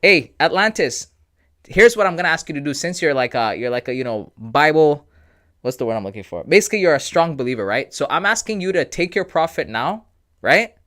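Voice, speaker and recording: A man's voice: on the high side, very animated, quick pace, a bit bright. A man hosting a casual trading livestream, laid-back and joking, with slangy talk as he reads viewers' comments aloud.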